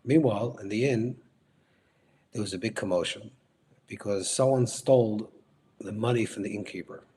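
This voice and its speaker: A man's voice: on the low side, mellow, slightly rough. A man, a rabbi, retelling a story as a lesson, restating his phrases and explaining Hebrew and Yiddish terms in English. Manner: unhurried, repeats and corrects himself mid-sentence. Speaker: rabbi teaching. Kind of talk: storytelling lecture.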